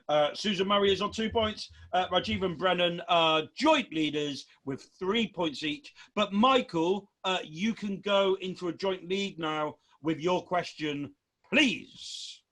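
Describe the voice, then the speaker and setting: A man's voice: high-pitched, unhurried, a bit bright. A man hosting a comedy quiz podcast, chatty and laughing easily. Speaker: quiz host. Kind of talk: comedy panel podcast chat.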